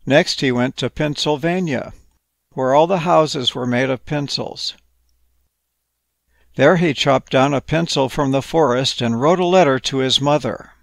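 A man gently narrating a playful, whimsical bedtime story. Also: medium pitch, a little slow, vocal fry, dry recording.

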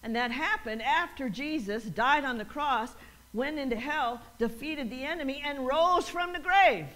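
A woman's voice: high voice, moderate pace, fairly bright tone. A woman pastor preaching a sermon, repeating lines for emphasis and acting out quoted voices. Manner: call-and-response preaching, rising to emphatic repeats; acts out quoted voices with laughs.

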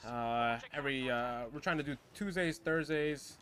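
A young man streaming a shooter game live, commenting excitedly and trash-talking the other players. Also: medium pitch, moderate pace.

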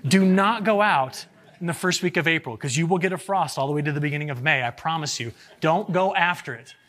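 An agricultural meteorologist gives farmers a lively slide presentation full of jokes, throwing rhetorical questions at the audience. His voice sits a little high and his delivery is brisk.

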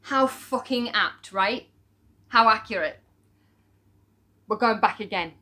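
A woman's voice: a little high, takes it slowly, pushed and bright. A woman hosting a music reaction video, talking casually in an emotional, outspoken way and swearing freely.

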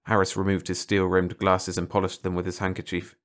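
A man with a low voice reads a short story aloud, steady and measured. His delivery is unhurried and clear, suited to bedtime listening. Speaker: audiobook narrator. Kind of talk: scripted narration.

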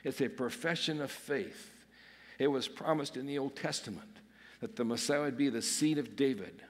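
A man's voice: medium pitch, moderate pace. A man preaching an earnest sermon as pastor, swelling and dropping his voice for emphasis. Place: church sanctuary. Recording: long reverb of a church hall.

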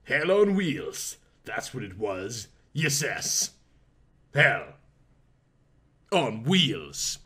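A man's voice: mid-range voice, sing-song, extremely slow, long pauses, bright, forceful tone, breathy edge. A man reading a comic parody story aloud in a melodramatic, mock-passionate narration.

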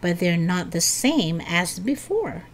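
A woman's voice: fairly low pitch, big pitch swings, slow pace, full character voice. A woman doing an earnest serious schoolboy. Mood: hushed.

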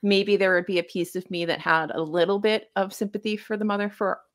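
A woman's voice: mid-range voice, steady tone, brisk. A woman talks through a novel on a live book club podcast. Her voice sits in a middle register, and she muses her way through points, restarting sentences as the ideas come. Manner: thoughtful, rambling, with frequent restarts and "like".

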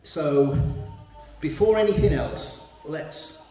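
A man's voice: on the high side, very animated, slow, dark tone, soft background music. A man preaching a sermon in a church and reading from the Bible, emphatic and repeating his key points. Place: church hall. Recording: very echoey room.

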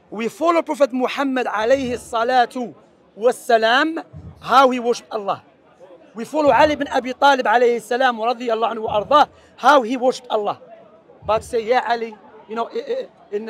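High-voiced man preaching outdoors in a debate. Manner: earnest, animated and persuasive, sprinkled with Arabic phrases. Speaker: street preacher. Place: busy outdoor public space.

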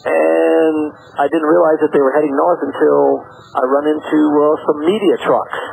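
A man's voice: on the high side, normal speed, gravelly, slightly rough, low-quality recording. A middle-aged man, a radio interview guest, telling his story in plain words and acting out what people said. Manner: plain-spoken, acts out quoted dialogue with rising excitement.

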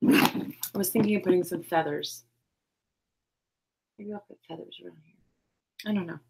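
A woman's voice: fairly low pitch, measured pace, creaky, darkish tone. Chatty woman hosting a craft stream. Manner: chatty, self-deprecating, reads chat aloud. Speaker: crafting livestream host. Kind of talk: casual livestream chat. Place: home craft room.

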